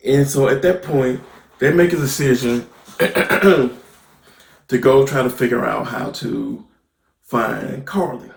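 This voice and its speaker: Gravelly-voiced man recapping a TV episode. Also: medium pitch, slow pace, long pauses, reverberant. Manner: slangy, conversational, with many fillers like "basically" and "right?". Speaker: TV episode reviewer.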